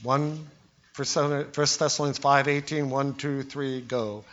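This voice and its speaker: A man's voice: medium pitch, level tone, takes it slowly, a bit bright, lo-fi sound. An older man preaching a sermon as pastor, telling stories and acting out the quotes. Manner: storytelling preacher, acts out quotes with voices.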